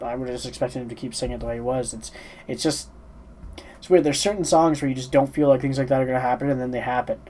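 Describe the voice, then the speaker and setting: Man, sleepy, yawning, casual reaction commentary, rambling, hesitant, lots of fillers, mid-pitched voice. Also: darkish tone, poor audio. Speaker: music reaction channel host.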